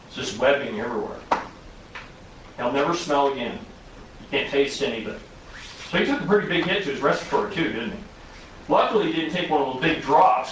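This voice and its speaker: A man lecturing first responders, voice a touch high for a man. He tells the story in an animated way and keeps asking the class rhetorical questions. He sounds far from the mic in a very echoey hall, with faint noise underneath. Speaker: safety trainer. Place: arena recreation centre.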